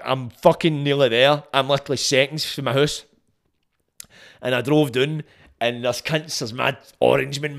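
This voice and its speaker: Young Glaswegian man, podcast host, sweary animated storyteller, slightly high voice. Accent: Glaswegian Scottish. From Scotland. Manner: sweary, animated, acts out quotes. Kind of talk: casual storytelling monologue.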